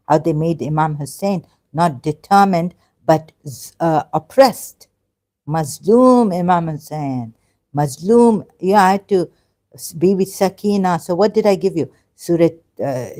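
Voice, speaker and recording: A woman hosting a casual livestream on religion, talking haltingly with many fillers and apologies, then pressing rhetorical questions. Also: low voice, mellow. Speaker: livestream host. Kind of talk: casual live-stream talk on religion.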